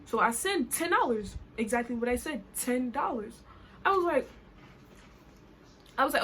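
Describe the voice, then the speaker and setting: A young woman with a Caribbean accent tells an indignant, animated story in a casual vlog. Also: sits high, moderate pace, slight background noise. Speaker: vlogger. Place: New York.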